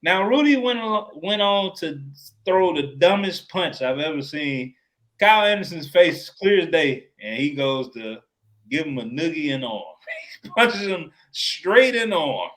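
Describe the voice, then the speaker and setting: A man's voice: on the high side, lively intonation, unhurried, fairly bright tone. Profane joking man hosting sports chat. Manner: profane, joking, laughs often. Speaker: podcast co-host.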